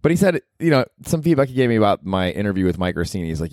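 A male comedian hosting his podcast, rambling casually and profanely, his pitch leaping up for emphasis. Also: big pitch swings, very fast, darkish tone, no room sound, clean studio sound.

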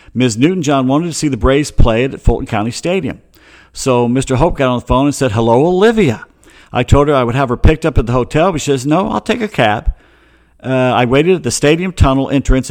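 A man hosting a casual sports talk show, rambling through stories with wry, chatty asides. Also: mid-range voice.

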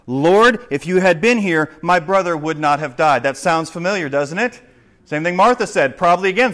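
A man preaching a sermon, swinging between loud, urgent questions and hushed explanation. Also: fairly high pitch. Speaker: pastor.

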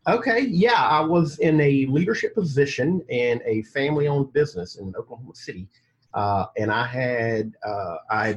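A man with a Southern American accent tells his story as a podcast guest, lively and chatty, acting out what others said. The sound is a little dull and lo-fi. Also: medium pitch, normal speed. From United States. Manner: animated storyteller, laughs often, acts out quotes. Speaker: guest, agency coach. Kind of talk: casual podcast interview storytelling.

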